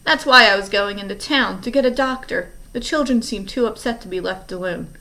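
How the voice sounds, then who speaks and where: A woman reading aloud, voicing a scheming man in disguise who speaks in a smooth, falsely polite way. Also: medium pitch, fairly quick, sharp tone, poor audio. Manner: smooth and oily, then menacing.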